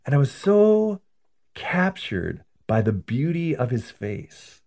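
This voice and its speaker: A man voicing a devout older grandmother who is upset over her prayers, in a high, breathy, emotional voice. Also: very animated, slow, darkish tone. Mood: rapt.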